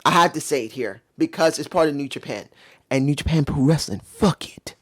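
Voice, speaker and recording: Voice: medium pitch, lively intonation, a little fast, a bit bright. A wrestling show reviewer talking alone in a casual rant, frustrated, rambling, repeating rhetorical questions, now and then swearing and correcting slips.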